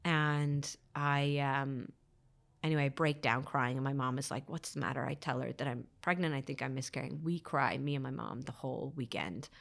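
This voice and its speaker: A woman's voice: extremely low pitch, fairly even intonation, normal speed, gravelly. An Irish woman in her thirties, a podcast guest, earnestly telling a personal story and often repeating her phrases.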